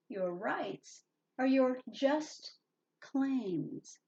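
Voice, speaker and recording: Woman teacher, slow and patient, spells words letter by letter, slightly dull lo-fi sound. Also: mid-range voice, darkish tone. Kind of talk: slow reading lesson for young children.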